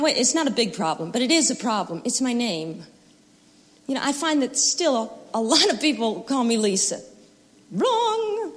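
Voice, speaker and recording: Woman performer, high lively voice, theatrical comic patter, reverberant concert hall. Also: a little hiss or hum. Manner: theatrical, playful. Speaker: stage performer. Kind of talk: comic stage patter before a song. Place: concert stage. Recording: live concert hall recording.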